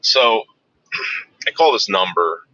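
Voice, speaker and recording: Speaking slowly in a low, bright, forceful voice, an expressive storyteller rambles through a foul-mouthed anecdote, breaking off and retracing his steps. The recording is echo-free, dry, dull, and lo-fi.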